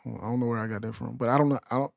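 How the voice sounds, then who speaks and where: A man in his thirties co-hosting a casual podcast chat, laid-back and profane, talking in quick bursts with restarts. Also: mid-range voice, fairly even intonation, vocal fry, a little mellow, dry recording, studio quality. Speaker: podcast co-host.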